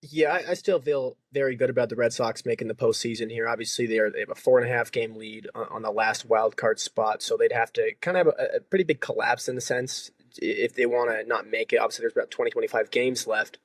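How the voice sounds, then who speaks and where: A man co-hosting a podcast, giving fast, steady opinions in casual chat. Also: mid-range voice, dry recording. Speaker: podcast co-host.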